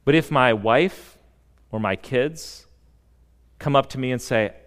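A pastor giving a sermon in a church, earnest and emphatic, with dramatic pauses. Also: male voice, medium pitch, a bit bright, clear, resonant tone, in a large hall. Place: church sanctuary.

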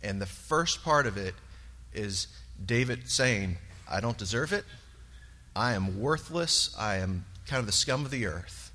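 A man sharing a personal testimony in church, earnest and halting, with many pauses and fillers. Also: lowish voice, animated, sharp tone. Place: church sanctuary. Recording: long reverb of a large hall.

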